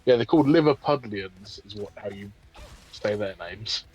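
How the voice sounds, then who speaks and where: Chatty Brighton-accented man. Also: fairly low pitch, moderate pace, slightly rough, soft background music, poor audio. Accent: Brighton English. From southern England. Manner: chatty, rambling, full of fillers. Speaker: streamer. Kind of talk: casual chat on a gaming stream.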